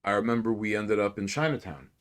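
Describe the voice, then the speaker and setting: A man from New York co-hosting a podcast, telling stories in a profane, animated way with big swings in loudness. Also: on the low side, quick pace. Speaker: podcast co-host. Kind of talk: casual chat, storytelling.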